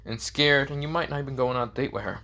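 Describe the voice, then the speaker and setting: A man's voice: medium pitch, fast talker, sharp tone, voice pushed up. A man doing a pouty, teasing young woman. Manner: pouty, playful, easily flustered.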